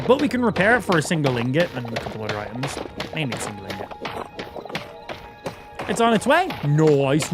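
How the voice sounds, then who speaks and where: Irish streamer ranting with lively pitch. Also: male voice. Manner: profane, ranting and mocking. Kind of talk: casual gaming livestream commentary.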